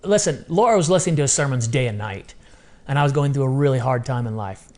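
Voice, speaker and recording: A man talking as a podcast guest in a casual interview, animated and repeating phrases for emphasis. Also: medium pitch, fast.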